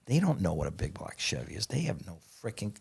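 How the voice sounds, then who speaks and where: Deep-voiced, profane man spinning a shop story. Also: fast talker, creaky, husky. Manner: excitable, profane, animated storyteller. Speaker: podcast guest. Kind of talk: casual storytelling chat.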